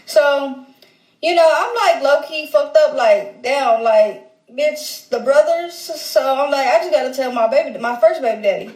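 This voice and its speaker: A woman's voice: sits high, expressive, measured pace, a little mellow. A woman casually telling a personal story in a slangy, rambling way, full of fillers and self-corrections. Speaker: storyteller in a clip. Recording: roomy echo.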